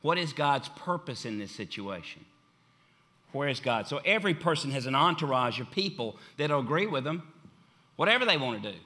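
Bright, emphatic male preacher. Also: on the high side. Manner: emphatic, repetitive preaching cadence. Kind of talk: sermon.

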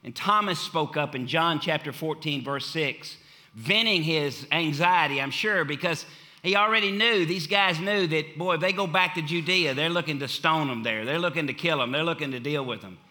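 Bright-voiced man preaching a sermon. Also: on the high side, normal speed. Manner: emphatic, repeats key phrases, swings from loud to hushed. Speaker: pastor. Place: church sanctuary.

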